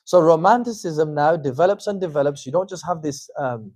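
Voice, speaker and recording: A man giving an informal religious lecture as a teacher, animated and conversational, with frequent fillers and wry asides. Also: fairly high pitch, brisk, no echo. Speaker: Islamic teacher giving a talk.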